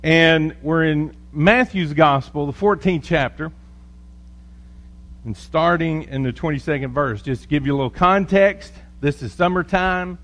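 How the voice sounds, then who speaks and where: A man with a fairly high voice preaches as a pastor. He reads scripture, prays and tells stories in a folksy, joking way. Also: fairly bright tone. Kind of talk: sermon with scripture reading and prayer.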